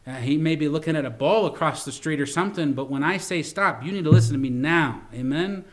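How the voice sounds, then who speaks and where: A man's voice: fairly high pitch, fairly quick. A middle-aged man preaching a sermon, calling "Amen?" to the congregation and telling folksy stories with many restarts. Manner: repeats words and restarts, folksy storytelling. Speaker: pastor.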